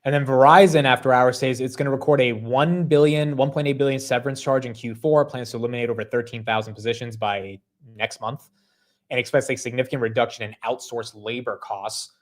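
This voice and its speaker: Guy hosting a stock show, reads the news then chats, mid pitch. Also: steady tone, a little fast. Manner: reads headlines, casual. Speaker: host. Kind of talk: market news chat.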